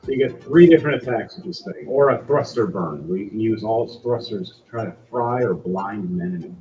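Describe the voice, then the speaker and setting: Male game master narrating a tabletop game casually, slightly dull recording with soft music. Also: lowish voice, lively intonation, fairly quick. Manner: loose, casual, with frequent fillers.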